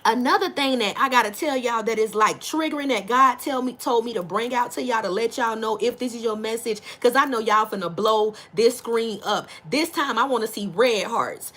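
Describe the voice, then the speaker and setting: Woman tarot reader, high voice, brash and profane, casual slangy delivery aimed at her audience. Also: moderate pace, few pauses. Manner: blunt and profane, chatty and animated; addresses viewers directly in slang. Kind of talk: casual tarot reading to camera.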